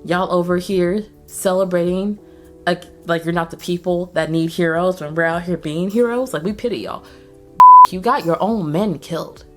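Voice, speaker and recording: A woman's voice: on the low side, steady tone, normal speed, a bit bright, soft background music, close to an everyday voice. A woman voicing an unhinged, reckless male dragon-hunter leader with a lazy, menacing drawl. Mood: scornful.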